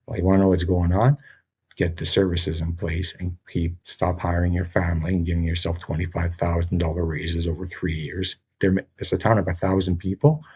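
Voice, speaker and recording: Very husky deep-voiced man ranting. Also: a little mellow. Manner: agitated, rambling, swears often. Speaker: vlogger appealing for funds. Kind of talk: unscripted rant to camera.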